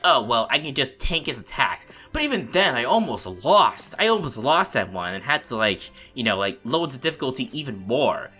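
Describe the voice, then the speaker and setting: A man's voice: mid-range voice, bright, forceful tone. A man commentating his video game playthrough, frustrated and swearing, full of "like, you know" fillers. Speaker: let's play host. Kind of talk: casual gameplay commentary.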